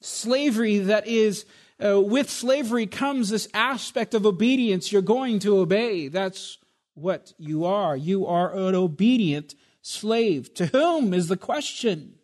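A man's voice: high-pitched, expressive, slow, darkish tone. A man pastor preaching a sermon with emphatic rhetorical questions, addressing his congregation as "my beloved.". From Spanish heritage.

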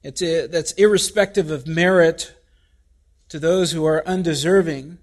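Male pastor, higher voice, measured unhurried sermon delivery with emphatic repetition. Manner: deliberate, emphatic preaching with repetition.

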